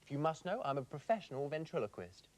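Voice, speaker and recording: A man's voice: a little high, big pitch swings, fast talker. A man, a ventriloquist, playfully scolding his dummy in a comic children's puppet show.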